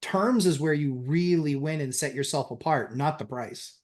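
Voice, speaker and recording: Explanatory man with a slightly high voice. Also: moderate pace. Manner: explanatory, builds points. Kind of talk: casual real estate chat.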